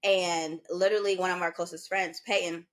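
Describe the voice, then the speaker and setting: A woman's voice: fairly low pitch, moderate pace. A woman in her twenties co-hosting a podcast, telling stories in a casual chat and slipping into voices of the people she quotes. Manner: animated storytelling, mimics others' voices. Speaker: podcast co-host.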